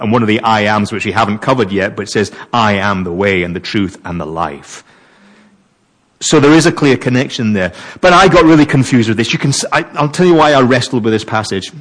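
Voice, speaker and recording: Animated preacher. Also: male voice, mid-range voice. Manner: animated, wondering aloud, mixes reading with asides. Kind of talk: sermon.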